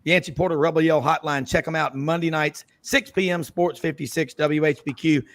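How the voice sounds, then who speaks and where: Sports radio host, man, gravelly and jokey, rambles into tangents. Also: on the high side, steady tone, a little fast, fairly bright tone. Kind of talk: casual radio roundtable chat.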